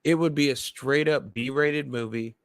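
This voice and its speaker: A man's voice: medium pitch, measured pace, clean tone, no echo. Laid-back man swearing in casual chat. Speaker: podcast co-host.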